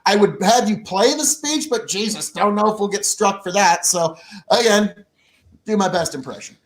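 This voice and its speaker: A man co-hosting a casual podcast chat, with a voice that sits notably high for a man. He talks in animated, jokey bursts. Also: normal speed. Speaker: podcast co-host.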